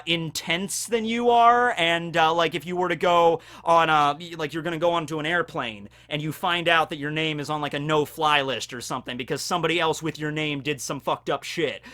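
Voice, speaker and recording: A vlogger from Western Pennsylvania, USA, tells a story in a casual, rambling way, swearing freely and filling gaps with "like" and "um." His voice sits on the high side and sounds bright and forceful.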